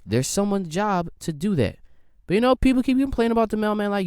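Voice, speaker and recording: A man's voice: sing-song, fast, a little mellow, clean tone, dry recording, studio quality. A man hosting a podcast, delivering a rambling, profane, comedic rant that jumps between his own voice and mocking impressions. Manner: rambling, profane, swings pitch widely for quoted voices. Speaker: podcast host.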